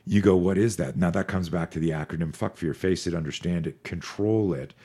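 A man in his forties, a fear management expert on a podcast, talking in an energetic, profane, storytelling way. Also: sits low, a little fast, husky. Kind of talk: podcast conversation.

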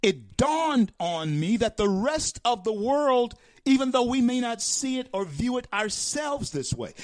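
Animated man giving a political monologue. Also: very high voice, unhurried, no echo, clean studio sound. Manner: preacher-like, building to loud emphatic peaks; addresses listeners as folks and my friends. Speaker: talk show host.

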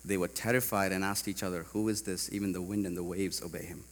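A man from India preaching a sermon to a congregation, animated and rising to loud emphatic peaks. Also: deep voice, fast talker, long reverb tail. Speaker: pastor. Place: large church hall.

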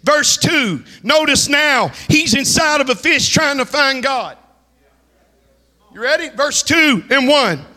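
A man preaching a sermon, fiery and shouting, often breaking into a chanted delivery. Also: very high-pitched, lively intonation, slow pace. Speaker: pastor. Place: church hall. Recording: reverberant church hall.

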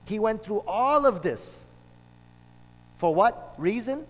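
A man's voice: on the high side, lively intonation, normal speed, slight background noise. Preacher man in a reverberant hall. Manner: storytelling, emphatic with repetitions. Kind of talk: sermon.

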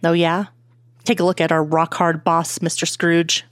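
A woman voicing an excitable, teasing young man who is quick to cry, in a playful and pleading manner. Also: fairly low pitch, no room sound, clean studio sound, natural voice.

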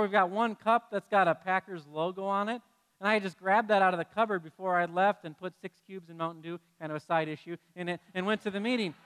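A Midwestern man preaching a sermon in a high, smooth, resonant voice. He is playful and animated, jumping to loud bursts and falling to hushed lines. His voice rings through a large church hall with a long reverb tail. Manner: playful, animated delivery with sudden loud rises and soft drops. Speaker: pastor.

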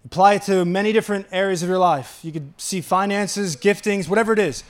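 A man preaching a sermon, earnest and full of wonder, slowing down for emphasis and breaking into delighted laughs. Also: sits high. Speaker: pastor.

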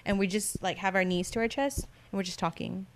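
Talking fairly quickly in a mid-range, fairly even voice, a young guest describes her dreams. Her storytelling wanders, leans heavily on fillers, and includes acted-out quotes.

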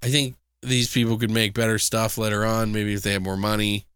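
A man's voice: fairly low pitch, little pitch movement, a little fast, a bit bright, clean tone. A man co-hosting a film review podcast, recapping plots in a rambling, profane, casual way. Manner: rambling, profane, acts out quotes in voices. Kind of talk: casual chat.

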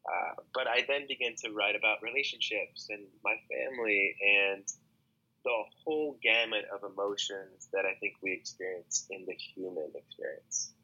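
A man's voice: on the low side, moderate pace, pushed and bright, lo-fi sound. A man, a musician, talking through his story in a rambling, thoughtful way with frequent restarts in a casual interview. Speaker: musician and podcast guest.

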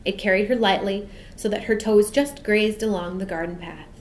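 A woman's voice: mid-range voice, a little hiss or hum, rough recording. Woman reading a storybook aloud. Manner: measured and expressive. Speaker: audiobook narrator.

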